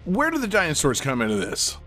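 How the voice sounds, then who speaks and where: A man's voice: fairly high pitch, huge pitch swings, fast talker, a bit bright, faint music behind. A man on a podcast who cuts in with wry, joking remarks and questions. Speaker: podcast co-host. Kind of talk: casual chat.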